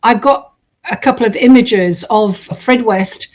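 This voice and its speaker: A woman recounting a true story in a casual, animated way, acting out the voices of the people in it. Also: on the high side, measured pace. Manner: animated, acts out quoted voices. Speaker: storyteller host.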